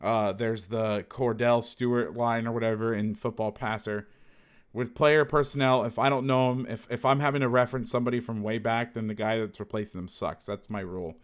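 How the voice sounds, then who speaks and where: A man talks through football game film in a casual, blunt way, swearing now and then and correcting himself mid-thought. His voice sits at a middling pitch. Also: steady tone, a little fast, clean tone. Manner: blunt, thinks aloud, self-correcting, salty language.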